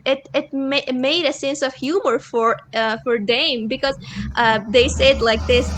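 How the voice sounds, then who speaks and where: A woman's voice: sits high, a little slow, fairly bright tone, poor audio. A woman student answering her teacher in an online English class, carefully searching for words. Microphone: computer mic on video call.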